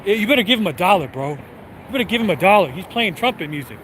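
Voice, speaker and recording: A man's voice: sits high, very animated, fast talker, a bit bright, slight background noise. A man voicing a pushy, persistent young male street hustler who talks in slang.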